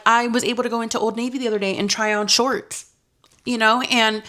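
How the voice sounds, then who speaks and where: A woman's voice: medium pitch, a bit bright. A young woman vlogging to camera in a casual, confessional way. She is chatty and earnest, and now and then gets emotional and laughs it off. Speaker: lifestyle vlogger.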